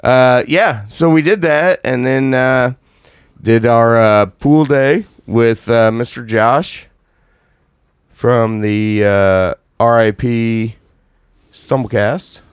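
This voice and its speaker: A man with a mid-pitched voice co-hosting a casual podcast. He rambles in a relaxed way, with plenty of fillers, and laughs along easily. The recording is dry and close. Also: slow, clean tone, no room sound. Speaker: podcast co-host. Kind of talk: casual chat.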